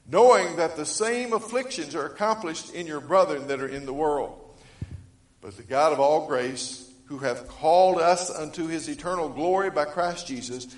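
Preaching man. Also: reverberant. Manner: rises to loud emphatic preaching, then drops low; reads scripture aloud in old-fashioned wording. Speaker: pastor. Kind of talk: sermon.

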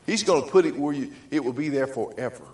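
A man's voice: medium pitch, lively intonation, fast, darkish tone. A male pastor preaching a sermon in a folksy storytelling way, acting out the voices in his stories. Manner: folksy storytelling, acts out dialogue. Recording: echoey room.

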